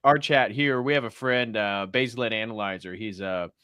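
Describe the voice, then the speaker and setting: A man's voice: lowish voice, moderate pace, sharp tone, smooth, dry recording, clean studio sound. A man hosting a religious livestream, speaking steadily and reading viewer messages aloud. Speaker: host of a religious stream. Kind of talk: livestream talk and reading donations.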